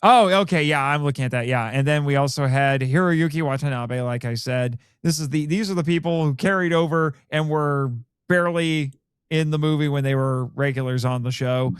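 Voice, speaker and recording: Chatty man with a smooth, dry voice. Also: on the high side, moderate pace, dry recording. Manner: chatty, reads out cast names while looking things up. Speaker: podcast co-host. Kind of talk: casual podcast chat about films.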